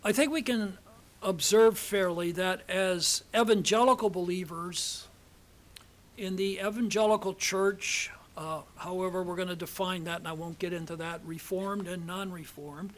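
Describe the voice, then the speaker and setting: An older man, a seminary professor, giving a measured, deliberate theology lecture with frequent pauses. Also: high voice, fairly even intonation. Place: seminar hall.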